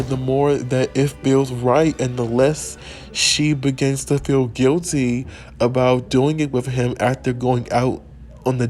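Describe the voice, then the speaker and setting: A man hosting a casual let's-play video, telling the game's drama in an excitable, gossipy way. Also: mid-range voice. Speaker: gaming video host.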